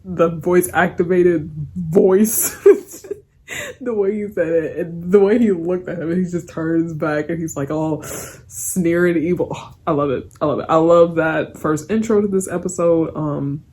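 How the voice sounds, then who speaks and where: A woman's voice: fairly low pitch, moderate pace, a little mellow, slightly rough. A young woman giving a casual spoken review of a TV episode, rambling and giggly, with lots of fillers and restarts. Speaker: TV series reviewer.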